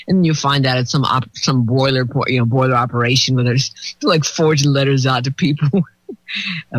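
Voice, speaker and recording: A man's voice: mid-range voice, steady tone, normal speed, a bit bright, husky, no echo. A man as a returning guest on a talk radio show, rambling and stammering in profane, casual banter. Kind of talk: casual podcast chat.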